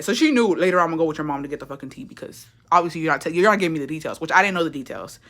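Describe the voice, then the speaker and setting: Hosting a livestream, a young woman spins a gossipy family story laced with profanity, laughter, and Spanish phrases woven through her English, all in a casual storytime style. Her fairly low voice is expressive and fairly bright, racing along with hardly any pauses.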